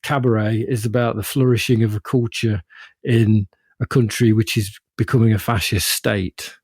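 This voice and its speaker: A man's voice: fairly low pitch, fairly even intonation, moderate pace, darkish tone, husky, no echo, clean studio sound. A man co-hosting a podcast, musing thoughtfully in casual chat. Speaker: podcast co-host.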